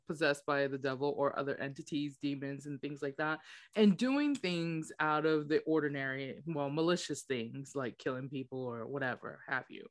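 A woman's voice: low voice, dry recording, clean studio sound. A woman co-hosting a casual podcast, chatting and laughing often as she tells a story. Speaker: podcast co-host.

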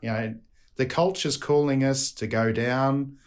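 A man's voice: mid-range voice, steady tone, a little slow. A man with an Australian accent, a priest speaking earnestly as a podcast guest and leading a closing prayer. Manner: earnest, addresses listeners as friends.

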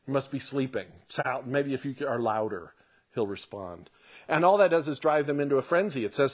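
A man preaching a conversational sermon who reads scripture aloud and comments on it, sometimes dropping to a hush for emphasis and sometimes building with excitement. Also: mid-range voice. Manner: earnest, drops to a hush for emphasis, then swells with excitement.

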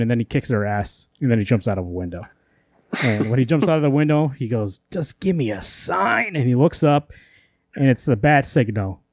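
A man's voice: mid-range voice, a little mellow, no echo, studio quality. A man co-hosting a podcast, retelling a comic story in loose casual chat and swearing offhandedly. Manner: rambling, quotes characters in quick asides, curses casually. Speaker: podcast co-host.

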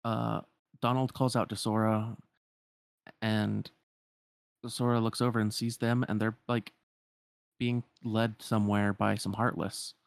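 A man's voice: on the low side, little pitch movement, measured pace, gravelly, pauses often, dry recording. A man casually retelling a story as a podcast host, with lots of filler words.

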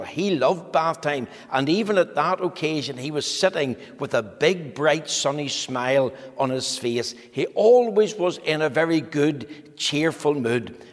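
A man giving a children's talk in church, telling a story slowly and gently to the children. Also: mid-range voice. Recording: long hall reverb.

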